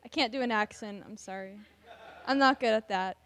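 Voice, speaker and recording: A woman's voice: on the high side, normal speed, fairly bright tone. A young woman giving a chatty church devotional talk, self-deprecating and full of fillers. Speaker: devotional speaker. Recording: long reverb of a large hall.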